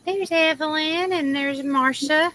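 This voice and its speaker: Speaking from the shade beneath an awning outdoors, a Southern-accented woman chats on a casual livestream in a high, bright, forceful voice at an unhurried pace. She's talkative, laughs often, and drifts off with ums. The audio is poor.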